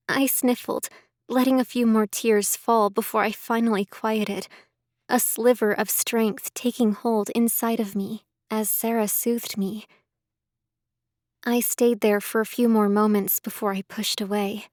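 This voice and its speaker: Slow, higher-pitched woman audiobook narrator. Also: fairly even intonation, no room sound, clean studio sound. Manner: emotional, tearful reading. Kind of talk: first-person audiobook narration.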